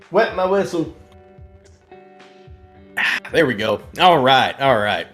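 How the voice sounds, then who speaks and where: A man's voice: medium pitch, big pitch swings, slow pace, long pauses, fairly bright tone, faint music behind. A man hosting a live trading stream, chatting casually as he reads out prices and viewers' names, laughing and sometimes singing names. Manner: chatty, reads prices and chat names, sing-song repeats of names, laughs often. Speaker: livestream trading host. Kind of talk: casual live market commentary.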